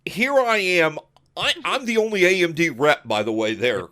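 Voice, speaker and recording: A man hosting an online podcast, telling stories in a casual, animated way with frequent laughs and quick asides over a voice call. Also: fairly high pitch. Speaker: podcast host. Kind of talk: casual storytelling chat.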